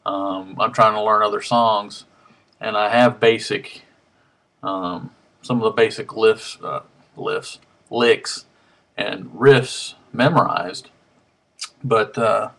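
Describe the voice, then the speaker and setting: A man recording a casual harmonica vlog at home on his webcam mic takes it slowly, his lowish voice steady and fairly bright. He rambles with plenty of ums and restarts and sounds a little out of breath.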